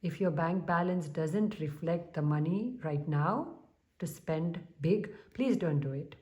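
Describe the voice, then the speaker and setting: A woman speaks in a low, mellow voice as she gives a spiritual tarot reading to her viewers. She talks calmly and unhurriedly, often pausing with a soft hum. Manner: calm, unhurried, with soft humming pauses. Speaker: tarot reader.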